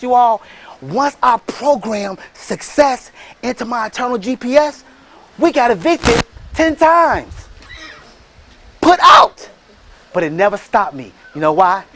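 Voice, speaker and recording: A man giving a motivational talk, rallying the crowd with call-and-response and shouted bursts. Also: high voice, slight background noise. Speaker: motivational speaker and franchise entrepreneur. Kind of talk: motivational speech.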